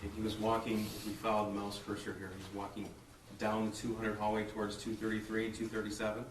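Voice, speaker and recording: A man, an attorney, questioning a witness in court in a measured, careful way. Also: on the low side, monotone. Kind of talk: courtroom examination. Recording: roomy, distant, noisy courtroom audio.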